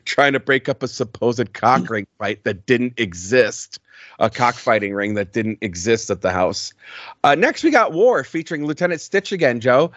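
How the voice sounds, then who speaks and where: A man's voice: medium pitch, sing-song, moderate pace, a bit bright, dry recording, muffled recording. A man co-hosting a podcast in casual chat, blunt, profane and mocking as he reviews an album. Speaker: podcast co-host.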